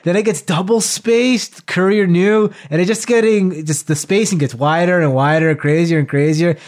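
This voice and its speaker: A man's voice: sits high, fairly even intonation, normal speed, darkish tone. A man co-hosting a casual podcast, recapping movie scenes and tossing questions to his co-host.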